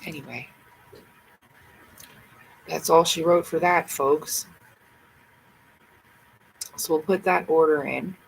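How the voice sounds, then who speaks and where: A woman's voice: low voice, takes it slowly, vocal fry, pauses often, slight background noise, rough recording. A woman hosting a livestream, rambling casually to herself and her viewers in a chatty way. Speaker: livestream host.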